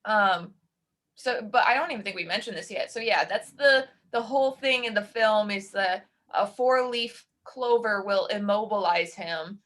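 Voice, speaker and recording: A woman co-hosting a casual horror-film chat, talking in a chatty, animated way and laughing often. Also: medium pitch, normal speed. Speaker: podcast co-host.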